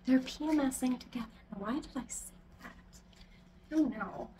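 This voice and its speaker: A woman's voice: high voice, moderate pace. Chatty, swearing woman plant vlogger. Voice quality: loud, close to yelling. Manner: chatty, swears a lot, giggly, talks to her plants. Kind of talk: casual chat. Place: her home. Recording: echoey room with faint background noise.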